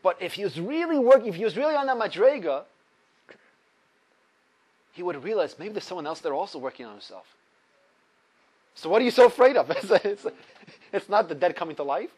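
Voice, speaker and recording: A man teaching a religious ethics lesson, telling a story animatedly with big swings between loud and soft. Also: sits high, sing-song, fairly quick, long pauses, breathy edge. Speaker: Torah teacher.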